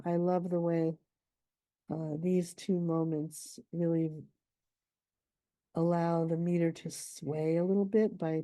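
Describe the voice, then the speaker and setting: A woman's voice: low voice, mellow, dry recording, low-quality recording. A middle-aged woman teaching poetic meter in a patient lesson, thinking aloud as she works through lines. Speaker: poetry teacher.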